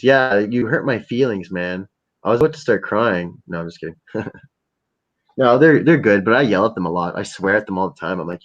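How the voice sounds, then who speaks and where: A man's voice: lowish voice, lively intonation, brisk. A young man hosting a livestream, telling rambling, profane, jokey stories in casual chat. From Canada. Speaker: livestream host. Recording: dull lo-fi stream audio.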